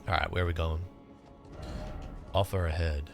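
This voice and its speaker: Deep voiced young guy streaming a game, jokey, talks to chat, jumps up loud when excited, little music behind. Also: moderate pace, creaky. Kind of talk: casual gameplay livestream chat.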